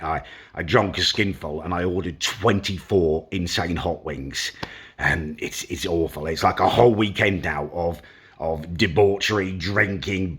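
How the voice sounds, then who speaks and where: Guy rambling on his vlog, a bit husky and bright, moans a lot about his weekend. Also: low-pitched. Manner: rambling, self-deprecating, complaining. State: hungover. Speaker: vlogger. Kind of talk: casual vlog.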